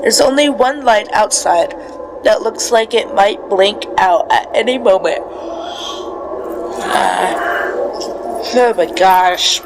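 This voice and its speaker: A woman's voice: medium pitch, slow, pauses often, background noise. A woman reading a story game aloud in a sleepy way, stumbling over words, correcting herself and breaking off for casual asides.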